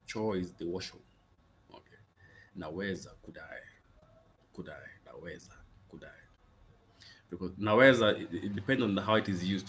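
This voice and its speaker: A man teaching useful phrases in a casual lesson, patiently repeating each one slowly and checking in with frequent okays. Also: low voice, a bit bright, slight background noise. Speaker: Swahili language teacher. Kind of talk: casual spoken language lesson.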